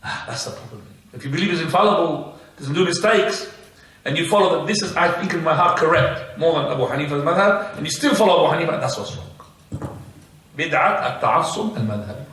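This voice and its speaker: A man teaching a religious lesson, asking his listeners questions and answering them himself in a lively way. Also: fairly high pitch. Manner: animated, rhetorical questions and quick answers. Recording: echoey room, mic far off.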